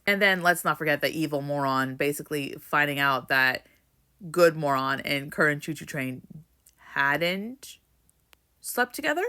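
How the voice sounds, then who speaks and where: A woman's voice: low voice, lively intonation, measured pace, sharp tone, clear, resonant tone. A young woman ranting emotionally about a book in a casual vlog, swearing and rambling with lots of "like". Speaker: book vlogger.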